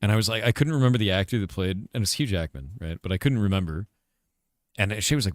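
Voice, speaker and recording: Deep-voiced laid-back man chatting on stream. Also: expressive, fast talker, dry recording, clean studio sound. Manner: laid-back, laughs often, says "dude" a lot; reads chat questions aloud and answers them. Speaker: streamer and game developer. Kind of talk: casual live-stream chat.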